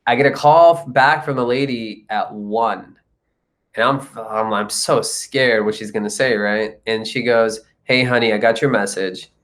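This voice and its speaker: Animated young man telling a story. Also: on the low side, a little slow. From India. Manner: animated storyteller acting out quoted people. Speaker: guest, comedian and actor. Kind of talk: casual storytelling interview.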